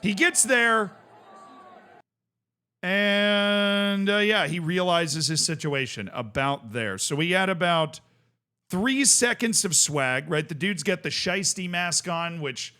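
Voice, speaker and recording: Brief: young male host, casual reaction commentary, bright forceful tone, amused and excitable. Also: high-pitched, slow pace, clean tone. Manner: excitable, amused, often breaks into laughter.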